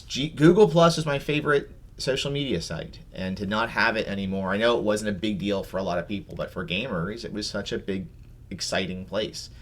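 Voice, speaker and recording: A man's voice: lowish voice, a bit bright. A man co-hosting a tabletop gaming chat show, talking casually and rambling with repeated words.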